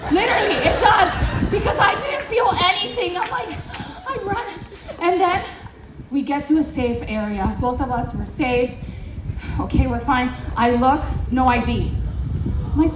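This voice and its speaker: A woman vlogger casually telling an animated story to camera, acting out dialogue and laughing often. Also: sits high, a little slow, distant mic, background noise. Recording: roomy echo, away from the mic.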